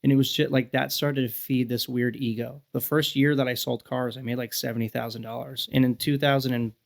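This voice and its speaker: A man around forty, a podcast guest, telling lively profane stories and acting out what people said. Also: mid-range voice, a little fast, gravelly. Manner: profane, animated storyteller acting out quotes. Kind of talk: casual storytelling chat.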